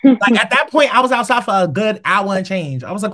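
Animated New woman podcast host. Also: fast talker. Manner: animated, acts out quotes with big pitch jumps. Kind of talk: casual storytelling chat.

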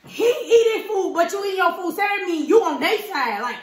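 A young woman chatting excitedly in a casual reaction video, slangy, repeating herself and laughing often. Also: extremely high pitch, normal speed, echoey room, distant mic.

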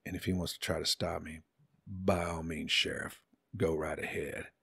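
A middle-aged man telling a story in a casual chat, animated and profane, acting out the people he quotes. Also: low-pitched, normal speed, vocal fry, slightly rough. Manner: animated, swearing, acts out quotes in other voices. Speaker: podcast guest.

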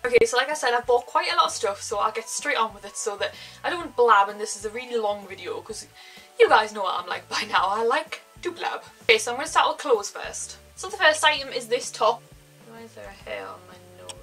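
A woman's voice: on the high side, fairly quick, fairly bright tone, faint music behind, rough recording. A young woman with a North East English accent, rambling cheerfully through a clothing haul at home, full of "like" fillers. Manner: rambling, filler-heavy, says "like" often. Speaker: fashion vlogger. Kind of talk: chatty haul vlog. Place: home, indoors.

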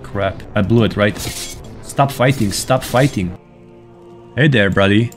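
Low-voiced man joking over gameplay. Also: measured pace, soft background music. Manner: joking, teasing game characters. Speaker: gaming YouTuber. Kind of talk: casual gameplay commentary.

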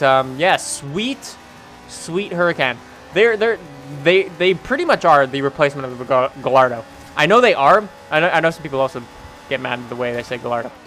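Young man, gaming host, high voice, bright tone, excitable rambling commentary, faint game noise behind. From Canada. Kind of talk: let's play commentary.

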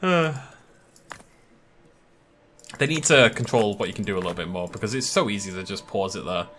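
A man's voice: lowish voice, expressive, moderate pace, a bit bright, a little hiss or hum. A young man giving casual, self-amused gameplay commentary from a desk mic, laughing often. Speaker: gaming YouTuber.

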